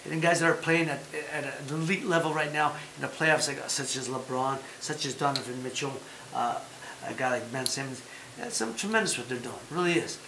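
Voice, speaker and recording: A man hosting a casual chat show, talking in an animated, emphatic way and repeating his points. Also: mid-range voice, brisk, few pauses, reverberant, noisy background. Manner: talks about having been a fighter. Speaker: podcast host.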